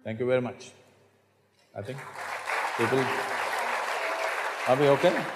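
A man's voice: medium pitch, a little slow, over a noisy crowd, very noisy. A man gives a spiritual talk in a lecture hall, emphatic and fond of rhetorical questions and dry humor. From India. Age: 60s. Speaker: spiritual teacher. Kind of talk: public talk to an audience. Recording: reverberant hall.

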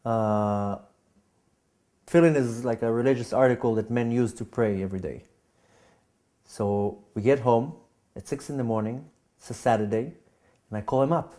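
A man telling a personal story, with a halting manner full of repeats and restarts, getting animated as he acts out scenes. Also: mid-range voice. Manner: animated when acting out scenes. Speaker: speaker giving a personal testimony.

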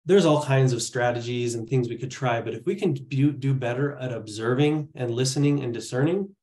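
A man's voice: mid-range voice, fairly quick, dark tone, roomy sound. A man giving an earnest, casual training talk, telling stories with frequent restarts. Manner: earnest, storytelling, many restarts. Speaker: church training presenter.

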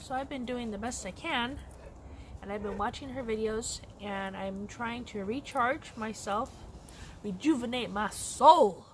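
A woman's voice: a little high, measured pace, fairly bright tone. A middle-aged woman chatting candidly in a personal crochet vlog, laughing often. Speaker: crochet vlogger. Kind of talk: casual personal vlog chat. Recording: noisy background.

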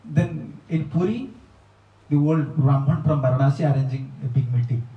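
Monk, male, high voice, animated storyteller sermon; distant mic, echoey hall. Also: moderate pace, muffled recording. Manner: animated storyteller in non-native English, voicing the characters. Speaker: monk giving a spiritual talk.

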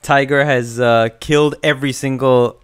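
A man's voice: mid-range voice, fairly even intonation, normal speed, clear, resonant tone. A man with an Austrian accent co-hosting a podcast, animatedly retelling movie scenes with laughs. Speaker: podcast co-host. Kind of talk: casual chat.

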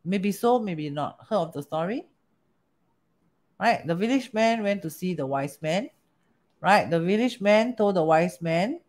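A woman with a Singaporean accent teaching a lesson, animated, often asking rhetorical questions and switching languages. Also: fairly low pitch, unhurried. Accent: Singaporean English. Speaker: teacher of Chinese metaphysics. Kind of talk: storytelling lesson.

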